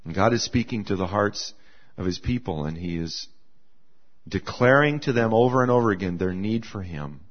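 A man's voice: on the low side, lively intonation, moderate pace. A man preaching a sermon as a pastor, talking in a conversational way, repeating his phrases and acting out the people he quotes. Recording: slightly dull lo-fi sound.

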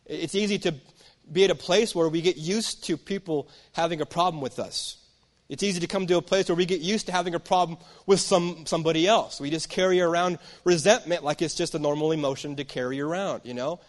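A man's voice: on the high side, brisk. A man preaching a sermon in a conversational, storytelling way, often turning to the audience with asides. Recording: long reverb of a large hall.

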